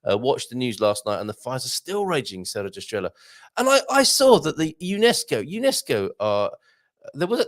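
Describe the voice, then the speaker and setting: Male host, rambling and chatty; gravelly voice, very lively intonation. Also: mid-range voice. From England. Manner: rambling, self-interrupting, chatty with bursts of excitement. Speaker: host reading viewer comments. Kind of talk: casual livestream chat.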